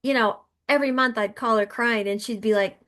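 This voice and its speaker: A woman's voice: on the high side, steady tone, fairly quick, a bit bright. Earnest middle-aged woman telling her story. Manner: earnest, emotional recollection with many restarts. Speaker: podcast guest. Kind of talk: conversational storytelling.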